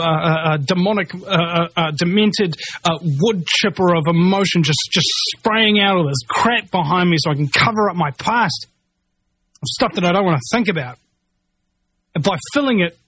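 A man's voice: sits high, a bit bright, breathy edge, no room sound. A man in an agitated, rambling rant, often repeating himself and restarting. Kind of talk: ranting monologue.

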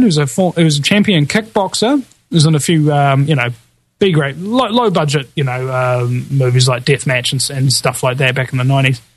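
A man hosting a podcast, casually rambling through a list of past guests with lots of fillers, restarts and jokey asides. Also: fairly high pitch. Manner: laughs often, jokey asides. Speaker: podcast host.

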